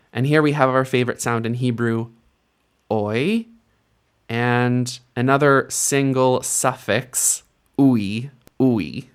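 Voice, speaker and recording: Slow, patient male Hebrew teacher. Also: medium pitch, smooth. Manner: patient, repeats each word slowly for the learner. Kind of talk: slow, careful language lesson.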